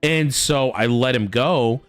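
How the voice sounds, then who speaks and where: A man's voice: medium pitch, takes it slowly, smooth, no room sound, faint music behind. A man streaming a game, telling stories about his toddler in a casual, swearing chat. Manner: animated storytelling, swearing. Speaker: father.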